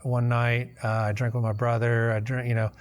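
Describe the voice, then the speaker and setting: A man's voice: medium pitch, flat delivery, normal speed. A man in his thirties, a guest on a recovery interview, telling his story candidly in an earnest, rambling way, restarting phrases and acting out what others said.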